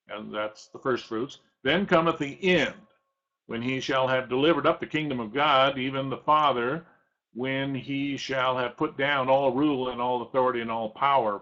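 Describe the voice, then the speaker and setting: A man's voice: medium pitch, fairly bright tone. Man preaching verse by verse, lo-fi. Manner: reads scripture aloud slowly, explains verse by verse. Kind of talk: sermon.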